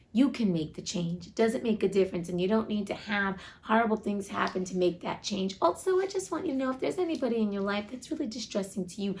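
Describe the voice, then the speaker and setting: A woman's voice: medium pitch, a little mellow. A woman hosting a read-aloud of a classic book, chatty and blunt, with casual asides between passages. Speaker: host reading classic books aloud.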